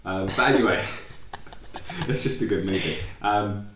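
A man's voice: fairly low pitch, measured pace, a bit bright, roomy sound, slight background noise. A young man co-hosting a podcast, chatting casually and rambling off on tangents with plenty of swearing. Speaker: podcast co-host. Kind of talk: casual chat.

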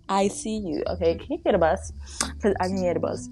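Talking a little fast in a fairly low voice, a young woman hosts a laid-back podcast from home. She giggles, rambles, pokes fun at herself and fumbles her words. Soft pop music runs faintly in this unedited recording, made on a phone or device with no microphone nearby.

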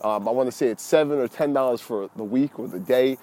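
A middle-aged man talks in a casual, lively monologue, calling his listeners "y'all" and drifting into preachy advice. His voice is mellow and warm, set at an ordinary middle pitch for a man. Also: fairly quick. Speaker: fishing podcaster.

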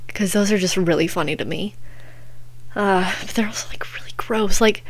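A woman's voice: mid-range voice, moderate pace, background noise. A young woman hosts a podcast, telling stories in a giggly, chatty way full of "like". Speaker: podcast host. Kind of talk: casual chat.

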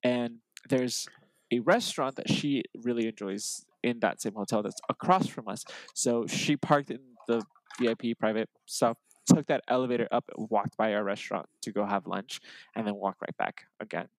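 A young man co-hosting a podcast, telling a story in casual chat, animated and excitable, acting out the voices in the dialogue he retells. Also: medium pitch, normal speed, vocal fry. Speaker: podcast co-host.

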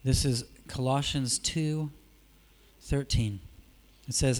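Pitched a little high for a man, a preacher in a church weaves stories into his sermon at a moderate pace. He sounds animated and conversational, swelling to loud, emphatic peaks, then dropping to hushed asides.

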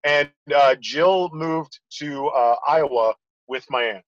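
A man's voice: fairly high pitch, slow pace, no room sound, lo-fi sound. A man in casual chat, telling rambling stories and laughing as he goes. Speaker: podcast guest.

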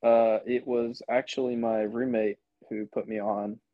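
A man's voice: mid-range voice, little pitch movement, unhurried, no echo. Young man rambling on a dull, dry podcast mic. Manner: rambling, retells scenes with quoted voices. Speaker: podcast co-host. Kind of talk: casual chat.

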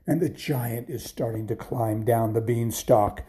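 A man reading a bedtime story aloud, animated and dropping to whispers for suspense. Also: medium pitch, measured pace.

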